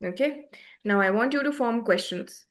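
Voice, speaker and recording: A woman's voice: a little high, animated, moderate pace. A woman teaching a beginner French class online over a video call, patiently checking that her students follow. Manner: patient, checks often for understanding.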